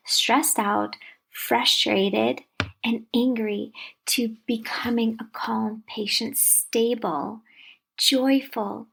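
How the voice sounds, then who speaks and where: A woman hosting a podcast and speaking straight to her listeners as a parenting coach, earnest and encouraging, repeating her reassurances and dropping to a soft, breathy delivery at times. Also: on the high side, rough recording. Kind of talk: direct-to-listener podcast monologue.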